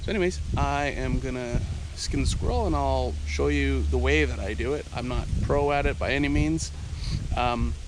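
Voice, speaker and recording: A man in the outdoors gives a casual, rambling vlog narration as he follows his hawk. He sounds a little winded and easygoing, with a middle-pitched voice. Clear outdoor noise sits behind him. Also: normal speed. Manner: casual, excitable when the hawk dives. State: out of breath. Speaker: falconer vlogger. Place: outdoors in fields and woods.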